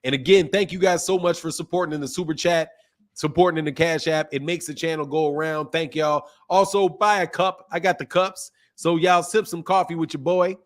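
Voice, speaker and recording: Man, high voice, slangy casual livestream host, laid-back, sore throat. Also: steady tone, a little fast. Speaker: boxing channel host. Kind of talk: casual livestream chat reading super chats.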